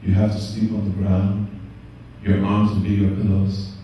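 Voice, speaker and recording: A man voicing a firm young prince husband who gives steady, measured instructions. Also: lowish voice, highs cut off, slight background noise, lightly acted. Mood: cautioning. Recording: echoey room, distant mic.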